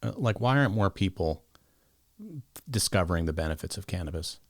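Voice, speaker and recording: Deep-voiced man with a New York accent. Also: lively intonation, dry recording, clean studio sound. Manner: easygoing, quick affirmations. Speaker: podcast host. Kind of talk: casual interview.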